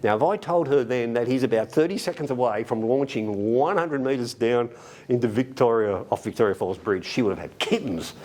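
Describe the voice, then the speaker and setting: A middle-aged Australian man telling a casual anecdote, animated and laughing as he acts out the people in his story. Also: mid-range voice, moderate pace. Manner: animated, acts out quoted voices, laughs often. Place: library event room.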